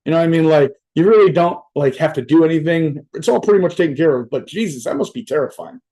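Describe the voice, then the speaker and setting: A man's voice: fairly high pitch, animated, fast, dark tone. Rambling profane motivational speaker, man. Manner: rambling, profane, filler-heavy with many "right?" asides. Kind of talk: casual motivational talk. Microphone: virtual event talk mic.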